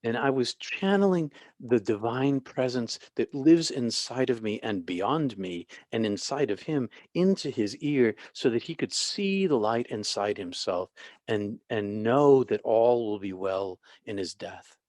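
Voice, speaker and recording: A middle-aged man, a former pastor, telling stories as a podcast guest, halting and restarting often and sometimes dropping to a soft whisper. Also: mid-range voice, animated, no room sound. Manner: halting with many restarts, drops to a soft whisper when quoting. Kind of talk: storytelling interview.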